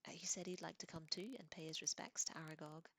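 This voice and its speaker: A woman reading in a whispered role-play, voicing a polite, earnest teenage boy who speaks softly. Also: sits low, fairly even intonation, quick pace, no room sound.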